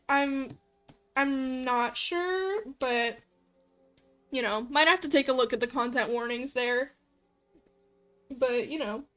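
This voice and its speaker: A woman's voice: high voice, fairly bright tone. A young woman streaming a horror game, chatting casually, laughing often and nitpicking the art. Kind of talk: let's play commentary.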